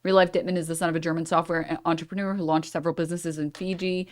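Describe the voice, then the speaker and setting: A woman's voice: on the low side, little pitch movement, very fast. A woman streamer reading a news article aloud and breaking off with sarcastic asides and apologies for her misreadings.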